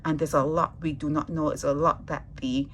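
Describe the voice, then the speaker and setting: A woman vlogger delivering an impassioned monologue to her viewers, preachy and emphatic, repeating her points and swinging between loud stresses and hushed asides. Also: sits low, level tone, brisk, a little hiss or hum, poor audio.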